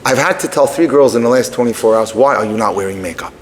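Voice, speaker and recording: A man teaching through a story to a live audience, animated, breaking off to speak to the room. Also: medium pitch, fast talker, a little hiss or hum. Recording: long reverb of a hall.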